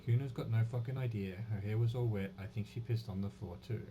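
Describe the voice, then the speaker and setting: A crude, hostile young boy speaks gruffly of himself in the third person, as a man voices him. The voice sits fairly low. A steady hiss runs under the recording. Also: fairly quick, muffled recording, natural voice. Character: foul-mouthed hostile young boy, swaggering.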